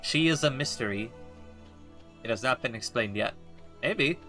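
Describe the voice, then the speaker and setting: A man's voice: medium pitch, normal speed, bright, forceful tone, faint music behind. A young man streaming a game and chatting jokingly with his viewers. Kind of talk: casual gameplay commentary.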